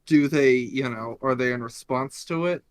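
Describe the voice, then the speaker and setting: A man's voice: mid-range voice, moderate pace, clear, resonant tone, no room sound. A man playing a tabletop game, asking strings of questions in a casual way. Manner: inquisitive, strings questions together. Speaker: player.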